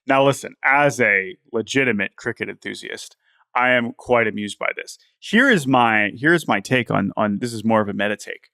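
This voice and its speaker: A man co-hosting a sports podcast in casual chat, animated and laughing often, restarting his words as he thinks. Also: fairly low pitch, moderate pace, creaky, no echo, clean studio sound. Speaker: podcast co-host.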